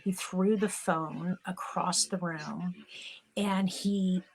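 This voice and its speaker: A woman's voice: fairly low pitch, steady tone, slow pace, a little mellow, poor audio. A middle-aged woman, an interview guest and mother, telling a personal story candidly and at times getting choked up. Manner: candid, gets choked up at moments.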